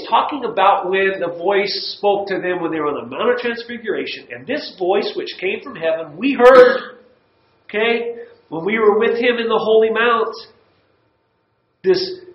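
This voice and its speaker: Man, folksy Bible teacher, a bit high-pitched, echoey lo-fi church room recording. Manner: folksy, emphatic, repeats words for stress. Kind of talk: Bible study lesson. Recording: echoey room, dull lo-fi sound.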